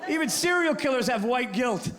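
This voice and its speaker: A man in his forties doing animated stand-up comedy on stage, acting out his family in loud put-on voices. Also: extremely high pitch, normal speed, a crowd in the background. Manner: animated, acts out his father with a loud Italian-American voice. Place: comedy stage before a live audience. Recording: live show with audience laughter and noise. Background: audience laughing.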